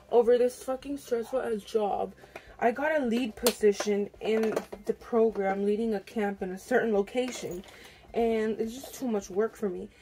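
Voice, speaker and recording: A woman's voice: on the high side, warm tone, slightly rough. A young woman vlogging at home, rambling through an exasperated story and swearing freely while she gets ready. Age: young adult. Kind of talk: casual get-ready-with-me vlog chat. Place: home, indoors.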